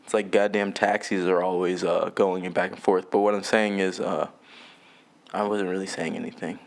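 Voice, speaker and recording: A man's voice: low voice, little pitch movement, moderate pace. A young man from Jamaica hosting a solo podcast. He rambles loosely and swears a lot, laughs often and trails off mid-thought. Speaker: podcast host.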